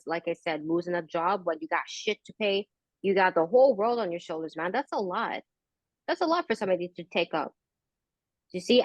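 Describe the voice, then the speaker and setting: A woman's voice: on the low side, dry recording. A woman co-hosting a casual podcast chat, telling a story bluntly and swearing freely. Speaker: podcast co-host.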